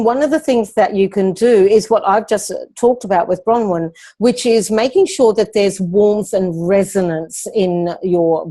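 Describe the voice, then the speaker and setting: With a resonant, slightly low and rounded voice, a female speaking coach patiently explains her ideas, calm and measured, much like a question-and-answer session.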